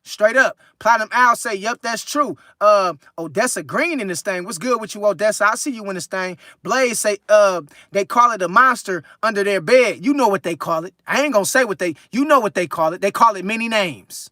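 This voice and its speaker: A man with a California accent hosting a casual live stream, reading chat aloud and telling loose, profane, animated stories. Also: high-pitched, fairly quick, hardly any pauses, no room sound, clean studio sound. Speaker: livestream host reading chat.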